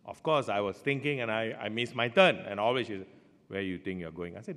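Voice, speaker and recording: A man preaching a sermon as pastor, telling stories with animated swings in pitch and loudness. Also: fairly quick. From Singapore. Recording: long hall reverb.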